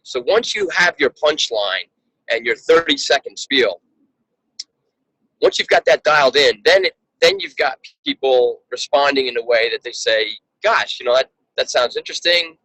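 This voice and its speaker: A man speaks in a bright, forceful voice, recorded dry and close. He gives earnest coaching advice on a call, often repeating a word and restarting a sentence as he goes. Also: mid-range voice, dry recording, rough recording. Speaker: business coach mentoring a team member.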